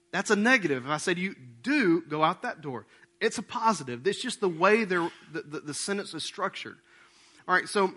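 A man's voice: high voice, pushed and bright. A male pastor preaching a conversational sermon to his congregation, often checking in with questions. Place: church sanctuary with congregation.

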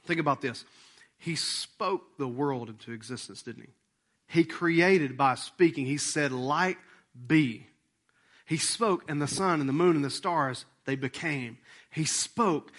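Guy preaching, chatty then suddenly punchy and loud, fairly high voice. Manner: lively, conversational preaching with sudden loud emphatic bursts; leads the congregation in breathing exercises. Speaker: pastor. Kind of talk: sermon.

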